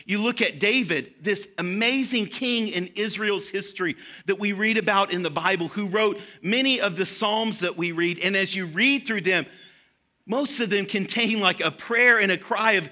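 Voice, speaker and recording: A young man preaches in a high, bright voice. He speaks earnestly and encouragingly, and he acts out the prayers he quotes in his sermon. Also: moderate pace. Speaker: pastor.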